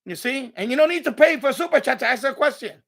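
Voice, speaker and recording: A man's voice: very high voice, animated, quick pace, creaky, a bit bright. A man hosting an unscripted live stream from his home radio room, rambling, swearing a lot and sounding irritable as he shows his radios.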